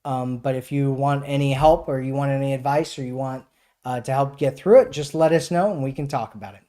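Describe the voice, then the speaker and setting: A man's voice: medium pitch, fairly quick, dark tone. A man hosting a casual live stream as a dating coach, answering chat questions in a loose, filler-heavy way and often tagging on "right?".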